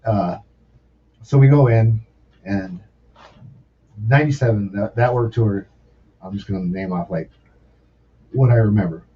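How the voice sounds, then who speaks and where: The former sous chef's fairly low voice moves at a measured pace here, with long pauses between bursts of profane, rambling, animated storytelling. He's a podcast guest in his forties in a casual chat, recorded on a distant mic with dull lo-fi sound and faint background noise.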